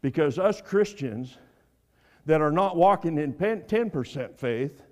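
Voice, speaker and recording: A man preaching a sermon, reading scripture and swinging between emphatic outbursts and quiet asides. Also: on the high side, animated, unhurried, lo-fi sound.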